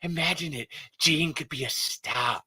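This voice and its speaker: A man voicing a brassy, flamboyant cartoon mom with a high, sing-song voice. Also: unhurried, bright, forceful tone, husky, exaggerated voice. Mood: gushing.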